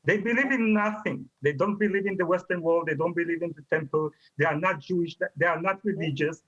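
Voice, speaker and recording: A man speaking as a rabbi in a televised debate, his voice sitting high for a man. He talks bluntly, stacking short, repeated condemnations one after another. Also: fairly quick, a bit bright, lo-fi sound. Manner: blunt, denouncing, repetitive. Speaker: rabbi, guest. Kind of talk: heated debate.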